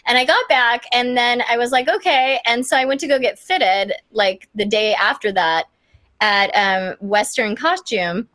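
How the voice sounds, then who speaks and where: Chatty young woman from Kansas, fairly high voice, filler-heavy guest storyteller, dry close sound. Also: measured pace, fairly bright tone, dry recording. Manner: bubbly, lots of "like" fillers. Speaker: guest performer. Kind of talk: casual storytelling.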